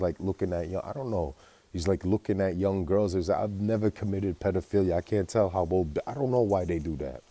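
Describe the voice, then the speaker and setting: A man's voice: deep voice, dark tone, dry recording. A man telling a rambling, profane personal story in a vlog, agitated and full of fillers. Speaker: vlogger.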